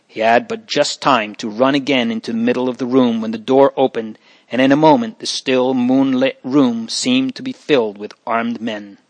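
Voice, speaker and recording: A man narrating a story in a steady, plain reading style. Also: mid-range voice, no room sound, poor audio.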